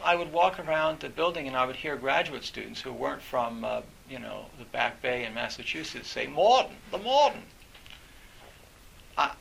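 Middle-aged prof guy, halting and full of fillers, gravelly bright voice, faint hiss. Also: mid-range voice, poor audio. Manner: halting, with many fillers and restarts. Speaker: university professor. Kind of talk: reflective talk.

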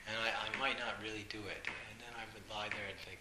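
A man with the flu giving an informal dharma talk as a meditation teacher, telling stories in a gentle, musing way. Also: lowish voice, brisk. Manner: gentle, musing storyteller acting out family quotes. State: has the flu, coughing. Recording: roomy sound with steady background noise.

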